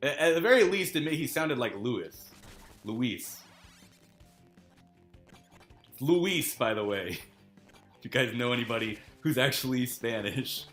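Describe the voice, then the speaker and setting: A man live-streaming a game, chatting casually, laughing often, swearing and shouting at tough jumps. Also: medium pitch, expressive, brisk, reverberant, soft background music. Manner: swears a lot, laughs often, loud outbursts while playing. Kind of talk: casual gaming stream chat.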